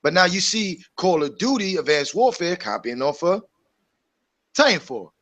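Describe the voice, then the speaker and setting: High-voiced man ranting about games. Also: moderate pace. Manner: animated, preachy, mocks others in a put-on voice. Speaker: co-host. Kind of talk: casual gaming chat.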